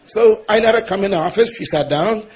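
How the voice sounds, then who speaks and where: A man's voice: high voice, a little fast. A man preaching a sermon, telling a story to his congregation with emphatic delivery. The recording sounds dull and lo-fi. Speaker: pastor.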